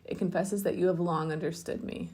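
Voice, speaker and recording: A woman's voice: on the low side, steady tone, a little fast, warm tone, husky. A woman doing a pompous young suitor. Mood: ardent. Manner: effusive and pompous. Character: conceited young male clergyman, ardent and pompous.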